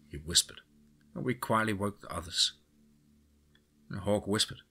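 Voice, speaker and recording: A man narrating a scripted story, reading every character's lines in nearly his own voice, with a husky tone. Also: low-pitched, steady tone, normal speed, pushed and bright. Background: music.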